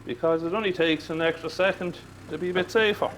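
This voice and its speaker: A man's voice: on the high side, fairly even intonation, fast talker, a bit bright. Irish male farmer, earnest and plain, faint noise behind. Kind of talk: documentary interview.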